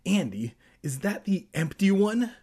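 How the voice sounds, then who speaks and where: Man putting on a panicky storybook boy, shrill, pleading, husky edge, swooping pitch. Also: very animated, measured pace, mellow, full character voice. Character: panicky young boy, jumpy and whiny.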